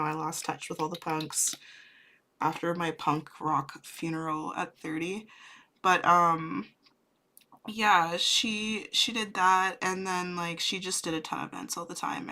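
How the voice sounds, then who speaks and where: A woman's voice: fairly low pitch, sharp tone. A woman in her thirties chatting casually and rambling while doing makeup on a livestream. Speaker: clown makeup streamer.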